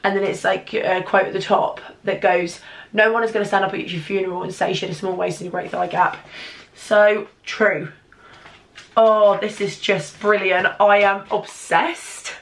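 A young British woman with a congested, stuffy voice, talking in a gushing, excitable way through a casual unboxing vlog and swearing freely. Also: mid-range voice, moderate pace. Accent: British English. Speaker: YouTuber.

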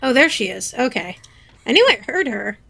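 High, gravelly-voiced woman gaming host. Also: big pitch swings, normal speed, sharp tone. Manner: chatty, easily startled, jokey asides. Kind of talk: casual gameplay commentary.

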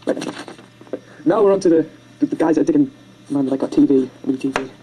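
A fast-talking amateur video maker casually retelling a film over rough sketches, rambling, self-mocking, and tripping over words. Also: medium pitch, mellow, poor audio. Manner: makes silly sound effects and character voices.

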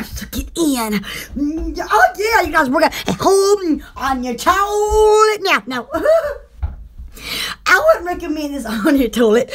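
A woman's voice: very high voice, bright, forceful tone. A woman hosting a casual livestream, chatting in a giggly, rambling way. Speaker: channel host.

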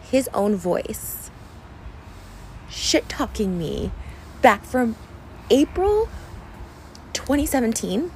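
A woman's voice: a little high, very animated, very slow, pauses often, a little hiss or hum, rough recording. A woman in her thirties venting in a personal vlog, rambling and upset, full of fillers and restarts, tearful at times, recorded on a phone camera. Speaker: vlogger. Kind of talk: emotional personal vlog rant.

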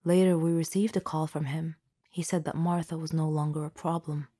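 Woman, story narrator, low pitch, dark mellow tone, steady delivery. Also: a little fast, slightly rough. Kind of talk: scripted first-person story narration.

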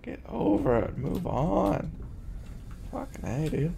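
A man streaming a horror game, shouting profane jokes at the characters and reacting with loud excitement. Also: on the high side, slow, gravelly, slight background noise. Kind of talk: live gameplay commentary. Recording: game music underneath. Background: horror game music and sounds.

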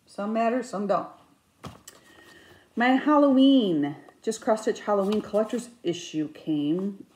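A woman chatting casually as a cross stitch vlogger, rambling and animated, with sudden outbursts. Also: medium pitch. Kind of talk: casual chat. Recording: echoey room.

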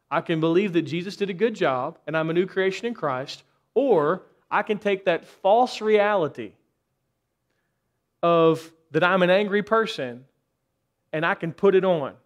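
Brief: male pastor, slightly high voice, preaching in church, punchy rhetorical questions. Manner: rhetorical questions, rising intensity in bursts. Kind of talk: sermon.

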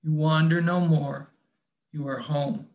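A man voicing a tender, tearful young woman in love, speaking softly and dropping in French endearments. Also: fairly high pitch, fairly even intonation, takes it slowly, gravelly.

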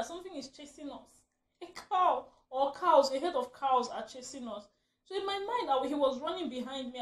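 High-voiced laughing woman in an echoey room. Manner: animated, laughing often, acts out her own shouts. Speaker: vlogger telling a story. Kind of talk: casual storytime chat. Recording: roomy echo.

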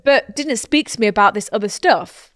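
A woman's voice: mid-range voice, moderate pace, no echo, clean studio sound. A woman co-hosting a podcast, chatting casually about a listener's dilemma, with lots of fillers and restarts. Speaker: podcast co-host. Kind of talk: casual advice chat.

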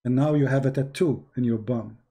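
Mocking Arabic-accented man, mellow voice. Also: medium pitch, brisk, vocal fry. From Middle East. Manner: mocking, animated storyteller. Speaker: host. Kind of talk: livestream commentary.

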